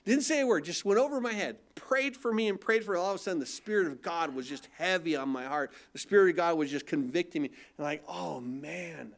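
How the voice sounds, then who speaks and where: A man's voice: sits high, fast, hardly any pauses. A middle-aged man preaching a sermon, acting out quotes in shifting tones. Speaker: pastor.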